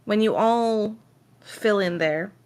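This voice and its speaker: A woman's voice: medium pitch, slow, darkish tone. A woman narrating as game master, describing scenes in detail and correcting herself as she goes.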